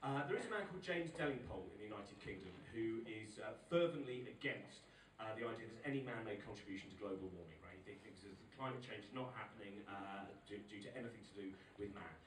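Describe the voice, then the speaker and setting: A man in his forties doing an animated stand-up set, exasperated storytelling with loud outbursts. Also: lowish voice, quick pace, hardly any pauses. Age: 40s. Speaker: stand-up comedian. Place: live venue with audience. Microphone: recorded from far off by a phone camera. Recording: echoey, distant phone recording with noise.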